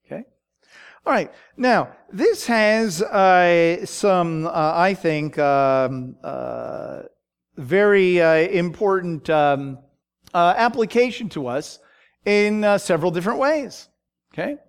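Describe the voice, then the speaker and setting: A man teaching a Bible study, talking in a halting way with many fillers and frequent "okay?" check-ins. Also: sits high, expressive, smooth.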